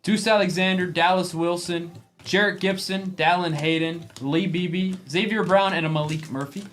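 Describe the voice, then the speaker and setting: Man rattling off card names fast. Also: high voice, fairly even intonation, fairly bright tone, soft background music. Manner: rapid name roll-call of cards. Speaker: card break host. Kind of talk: live card break commentary.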